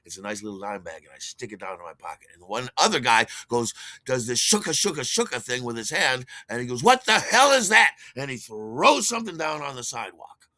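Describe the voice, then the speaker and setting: A man in his sixties, a podcast host, telling a personal story in an animated way and acting out the dialogue. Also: medium pitch, a little fast, dry recording. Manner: animated, acts out dialogue with shouted outbursts.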